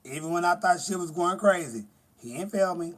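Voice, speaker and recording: Lively, expressive host chatting on a livestream. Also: male voice, high voice, a little fast. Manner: animated, talks to viewers directly, swings between loud outbursts and soft murmurs. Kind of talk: casual livestream chat.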